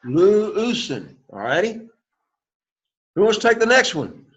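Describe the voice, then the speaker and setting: A man teaching Greek to a class, coaxing students and repeating words slowly for pronunciation. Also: sits high, big pitch swings, a bit bright, muffled recording. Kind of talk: classroom lesson.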